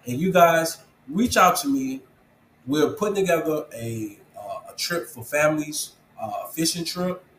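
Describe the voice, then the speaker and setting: A man's voice: a little high, lively intonation, a little slow, fairly bright tone, roomy sound, a little hiss or hum, low-quality recording. A man being interviewed, talking earnestly about faith and perseverance and urging listeners directly in a preachy, casual way. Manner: earnest, preachy encouragement, calls listener "bro". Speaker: interview guest, program founder.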